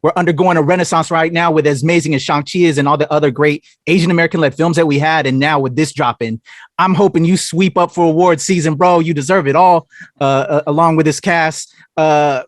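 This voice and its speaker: A man's voice: on the high side, fairly even intonation, a little fast, no echo, clean studio sound. A man from Mississippi hosting an interview, talking in a hyped, slangy way and calling his guest "bro". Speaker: interview host. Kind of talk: casual enthusiastic interview.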